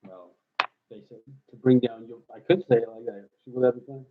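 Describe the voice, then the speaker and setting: A man's voice: medium pitch, little pitch movement, brisk, a little hiss or hum. A middle-aged man hosting a live stream, rambling and thinking aloud as he works out rhymes, often mumbling asides. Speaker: host writing rhymes live. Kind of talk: casual live-stream chat. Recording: husky voice on a tinny phone-like line.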